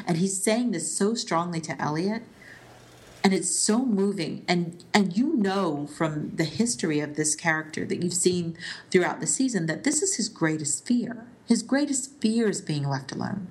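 Woman with a lowish voice, chatty, walking through a tv episode scene by scene. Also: moderate pace. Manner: animated, retells scenes at length. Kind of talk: casual TV discussion podcast.

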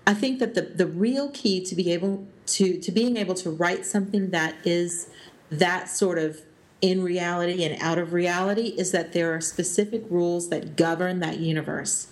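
A woman's voice: lowish voice, normal speed. A woman co-hosting a podcast, chatting casually about a TV show, thinking aloud with many ums and little laughs. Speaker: podcast co-host. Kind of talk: casual TV recap chat.

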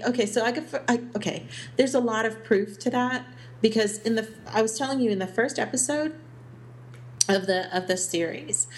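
A woman co-hosting a podcast, chatting casually about a TV show, thinking aloud with many ums and little laughs. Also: on the high side. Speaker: podcast co-host. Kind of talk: casual TV recap chat.

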